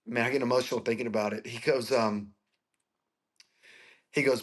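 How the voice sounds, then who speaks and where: A man's voice: medium pitch, fairly even intonation, moderate pace, pauses often. Earnest pastor in his forties. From Florida, US. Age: 40s. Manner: earnest, emotional storytelling with restarts. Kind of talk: interview guest telling his story.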